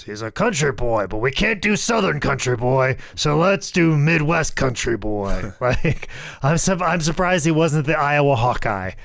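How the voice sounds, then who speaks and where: A man's voice: a bit bright, no room sound, clean studio sound. Swearing man telling stories on a podcast. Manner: swears freely, acts out quotes in a higher voice. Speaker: podcast co-host. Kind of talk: casual storytelling chat.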